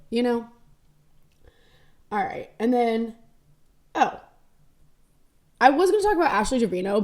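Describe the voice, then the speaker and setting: A woman's voice: medium pitch, mellow. A young woman hosting a casual solo podcast, rambling candidly between topics with self-deprecating jokes. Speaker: podcast host.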